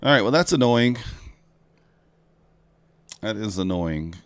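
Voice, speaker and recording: A man's voice: lowish voice, animated, takes it slowly, clean tone, no room sound. A man chatting casually to viewers while trading futures live, talking them through each move. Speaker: live-streaming futures trader. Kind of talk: casual live-stream commentary.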